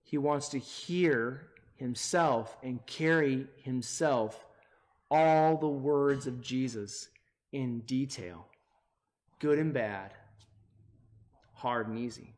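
A man's voice: medium pitch, slow. Earnest man preaching a sermon. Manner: earnest preaching, shifts between emphatic and hushed. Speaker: pastor.

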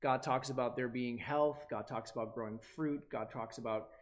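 A man in his forties preaching a sermon as a pastor, emphatic and rising loud on key words, with frequent restarts. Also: medium pitch, steady tone, normal speed.

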